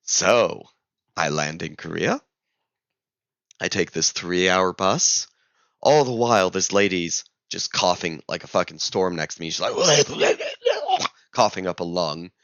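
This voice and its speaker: Deep, gravelly man telling a story. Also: takes it slowly, dry recording, highs cut off. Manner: animated, exasperated storytelling. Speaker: vlogger. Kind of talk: casual storytelling vlog.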